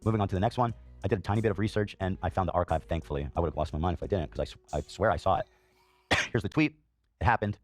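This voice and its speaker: A man's voice: deep voice, very fast, faint music behind. A male podcast host giving heated reaction commentary, swearing, coughing and filling gaps with "um".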